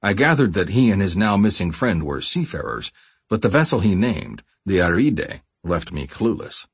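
Male audiobook narrator, low and husky, lots of pitch movement, dry booth sound. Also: no room sound. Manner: measured, expressive storytelling. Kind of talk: first-person memoir audiobook narration.

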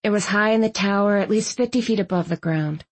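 A woman reading a first-person novel aloud as an audiobook narrator, brisk and expressive. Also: mid-range voice.

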